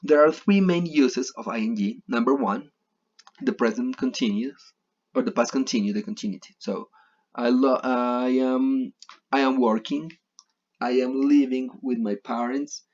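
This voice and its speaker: A man whose first language is Spanish teaches an English grammar lesson online, in a voice of middling pitch. He wanders off topic, slips into Spanish and repeats key points for emphasis. The audio is slightly dull and lo-fi. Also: fairly even intonation, unhurried, a little mellow.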